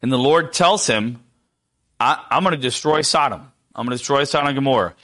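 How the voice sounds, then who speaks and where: A middle-aged man preaching a sermon, asking the congregation rhetorical questions and dropping to a near hush for tender quoted lines. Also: mid-range voice, brisk.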